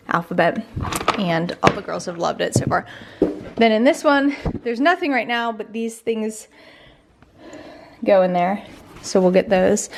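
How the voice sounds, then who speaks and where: A woman's voice: medium pitch, echoey room, background noise. Chatty young mom touring her playroom. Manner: chatty, filler-heavy with frequent "um" and "like". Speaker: vlogger, mother. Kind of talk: casual home tour vlog. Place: home playroom.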